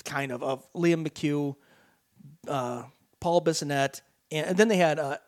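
Ranting higher-voiced radio co-host man. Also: measured pace. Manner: animated ranting with frequent restarts. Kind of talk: casual sports talk radio chat.

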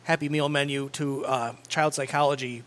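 A man's voice: medium pitch, steady tone, normal speed, fairly bright tone. A man co-hosting a radio show in casual, joking banter, laughing often. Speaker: radio co-host.

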